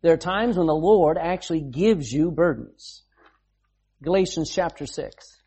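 A man's voice: on the high side, unhurried, mellow, slightly rough. A man preaching a sermon as pastor, emphatic, reading scripture aloud and explaining it.

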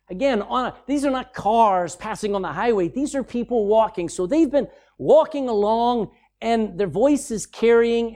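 Lively conversational preacher. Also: mid-range voice. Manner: conversational, explanatory, with folksy asides. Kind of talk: sermon with scripture reading.

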